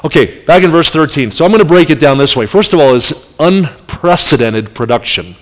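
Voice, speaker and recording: Middle-aged male evangelist from New Jersey, animated storyteller preaching in a church with long hall reverb. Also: fairly high pitch, normal speed. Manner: animated storyteller, voice jumps up for the punch lines. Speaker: traveling evangelist. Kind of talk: sermon with personal story.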